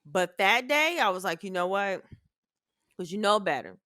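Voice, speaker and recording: A middle-aged woman co-hosting a family podcast, her voice bright and forceful. She tells animated, profane stories and acts out her own reactions, and the sound is dry and close. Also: medium pitch, normal speed, no echo. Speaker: podcast co-host, mother. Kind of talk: casual family chat.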